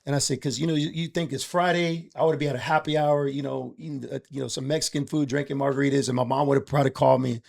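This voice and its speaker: A man's voice: medium pitch, fairly even intonation, fast talker, gravelly, hardly any pauses, darkish tone. A middle-aged man, candidly telling a personal story in a casual podcast chat, streetwise and emotional. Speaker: podcast guest, entrepreneur.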